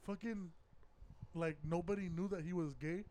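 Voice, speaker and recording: A man's voice: high-pitched, steady tone, normal speed, a crowd in the background. A young man on a podcast, teasing and joking in profane casual chat with friends.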